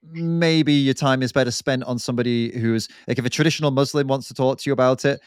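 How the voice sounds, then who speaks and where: A man's voice: mid-range voice, steady tone, fast, clear, resonant tone, no echo, clean studio sound. A man hosting a podcast, asking questions in a loose, joking way. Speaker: podcast host. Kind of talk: casual interview chat.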